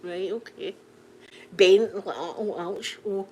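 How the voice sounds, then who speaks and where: A woman's voice: mid-range voice, slow pace, darkish tone. Middle-aged Scottish woman, chatty livestream host, rambling and laughing, faint background noise. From Scotland. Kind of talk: casual live chat with viewers.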